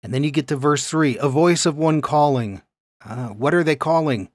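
Animated male Bible teacher, dry sound. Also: a little high, normal speed, dry recording. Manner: animated teaching, often checking in with "okay?". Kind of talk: video Bible lesson.

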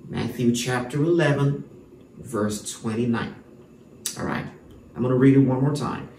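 A man's voice: medium pitch, normal speed, dark tone, distant mic. Man, homeschool teacher, emphatic, rhetorical, faint background hum. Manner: emphatic, rhetorical questions, frequent "all right". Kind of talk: classroom lesson to children. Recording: echoey room, voice from off-mic.

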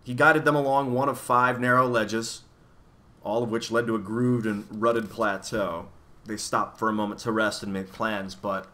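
A man reading a children's novel aloud with expressive storytelling. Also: on the low side. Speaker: reader.

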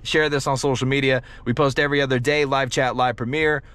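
A man hosting a paranormal vlog, talking in a hushed, halting, emotional way at a cemetery. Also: mid-range voice, little pitch movement, clean tone, no echo. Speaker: paranormal vlogger host. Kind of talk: casual ghost-hunting vlog commentary. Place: outdoors and in a car at a cemetery.

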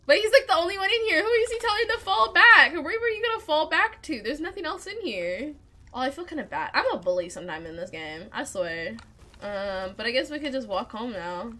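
A woman narrates her gaming session in a casual, excitable let's-play style and chats with the characters on screen. Her voice sits high and sounds bright and sharp. Her pitch leaps around animatedly. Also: brisk. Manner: chatty and excitable, talks to game characters. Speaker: gamer playing a role-playing game.

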